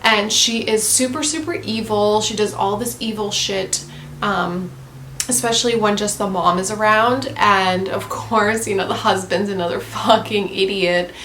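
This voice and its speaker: A woman's voice: medium pitch, a little slow, fairly bright tone, a little hiss or hum. A woman vlogging book reviews in a casual, blunt way, swearing often and full of fillers.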